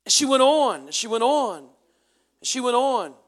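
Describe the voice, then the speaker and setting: A middle-aged pastor preaching a sermon, swinging from loud preaching to low, confessional storytelling. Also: male voice, big pitch swings, moderate pace. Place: church sanctuary.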